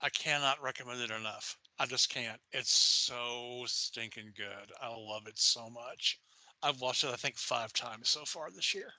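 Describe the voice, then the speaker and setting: A man's voice: mid-range voice, unhurried, bright, forceful tone, no echo, low-quality recording. An older man with a Southern US accent, chatting enthusiastically and rambling as a podcast co-host. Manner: enthusiastic, rambling, swears casually. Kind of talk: casual chat.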